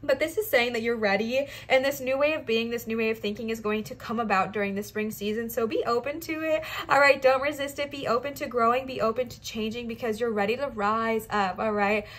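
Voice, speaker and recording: Upbeat young woman reading tarot, higher voice. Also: brisk, few pauses. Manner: encouraging, repeats "all right?" and "okay?"; animated, laughs and talks while moving cards. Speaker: tarot reader. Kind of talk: casual pick-a-card tarot reading.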